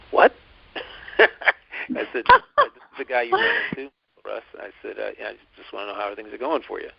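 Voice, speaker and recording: A man co-hosting a podcast, calmly telling a personal story in casual chat, with many restarts and asides. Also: fairly low pitch, creaky, slightly rough, dry recording. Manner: calm, reflective, lots of restarts and asides. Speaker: podcast co-host. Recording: dull lo-fi podcast audio.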